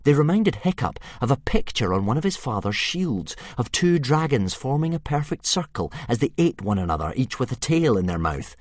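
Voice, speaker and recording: A man narrating an audiobook with vivid, dramatic storytelling that drops to a hush in tense moments. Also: mid-range voice, very animated, moderate pace, hardly any pauses, no room sound, clean studio sound.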